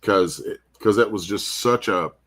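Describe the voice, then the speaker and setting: The comic artist hosting the art show speaks a little slowly, his lowish voice a bit bright and breathy. Sitting at a convention booth, he chats casually through a heartfelt, rambling story, often restarting.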